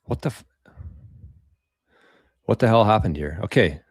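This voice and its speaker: Guy hosting a stream, lowish voice, loose and cussy, reads chat out loud, dry close mic. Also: animated, breathy edge, dry recording. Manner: loose and chatty, swears, reads comments aloud with quick laughs. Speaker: livestream host. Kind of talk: casual livestream chat, reading viewer comments.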